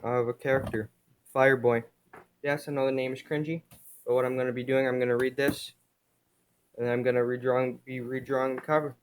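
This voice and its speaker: Quiet, self-mocking man reading his comic. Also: medium pitch, flat delivery, brisk, clear, resonant tone. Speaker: video creator.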